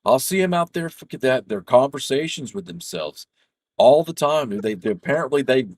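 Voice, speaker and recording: A man's voice: mid-range voice, expressive, normal speed, no room sound. A middle-aged man chatting casually over voice chat while gaming, telling stories in a rambling, profane way full of restarts. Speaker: gamer chatting with a friend.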